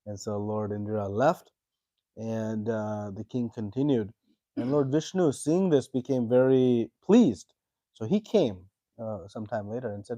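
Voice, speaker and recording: A man teaching a scripture class. He tells a story in a relaxed way with many fillers and stops to quiz his students. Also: lowish voice, measured pace, no echo, highs cut off.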